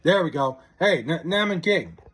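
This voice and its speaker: A man livestreaming from his house, casually chatting and reading out viewer comments, loose and profane, drawling joke names slowly. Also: on the high side, animated, a bit bright, breathy edge. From New York area.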